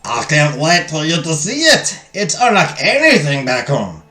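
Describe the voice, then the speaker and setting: A man's voice: fairly high pitch, huge pitch swings, normal speed, pushed and bright, roomy sound, faint music behind, exaggerated voice. A man voicing a young French nobleman writing love letters to his fiancée, in a put-on French accent and a romantic, declamatory manner.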